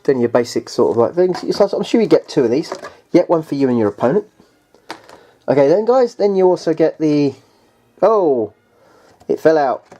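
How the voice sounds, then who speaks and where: A man's voice: on the high side, animated, moderate pace, long pauses, dark tone. A man chatting casually through a tabletop game unboxing. He rambles and hesitates, restarts often, and keeps addressing the viewers as guys.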